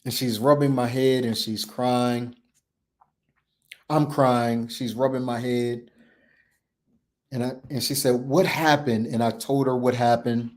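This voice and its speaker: A man's voice: medium pitch, fairly even intonation, slow pace, long pauses. A man telling a personal story as a podcast host, emphatic and repetitive, acting out the dialogue he quotes.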